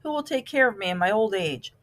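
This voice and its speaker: A woman voicing a fussy, stingy male mouse in a storybook reading, talking in a high, pitiful, theatrical way. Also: animated, a little fast, natural voice. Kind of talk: storybook read-aloud.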